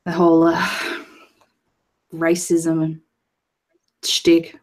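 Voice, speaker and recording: A woman's voice: deep voice, monotone, extremely slow, a little mellow. A woman chatting casually on a live stream, often backchanneling and swearing lightly. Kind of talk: casual chat.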